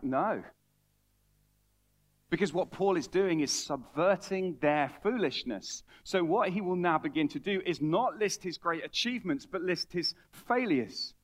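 A man's voice: sits high, lively intonation, unhurried. A man preaching a conversational sermon, reading scripture aloud and often repeating words as he talks.

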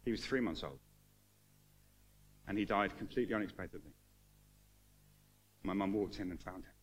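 A man preaching a sermon to a congregation, earnest and emotional, building to fervent emphasis and then falling quiet. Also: deep voice, moderate pace, husky. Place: church hall with congregation.

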